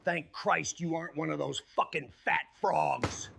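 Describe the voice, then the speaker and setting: A man voicing a foul-mouthed, exasperated character in a put-on Southern accent, swearing and gravelly. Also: on the high side, a little slow, background noise, pitched above the performer's own voice. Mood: furious. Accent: American Southern, put on.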